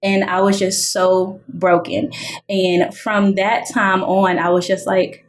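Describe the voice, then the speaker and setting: A woman's voice: medium pitch, little pitch movement, takes it slowly, a little hiss or hum. A woman guest on a podcast, earnestly telling a personal story, full of "like" fillers and reenacted dialogue. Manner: earnest, heavy use of "like" fillers; reenacts dialogue in raised voices. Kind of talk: personal testimony in conversation.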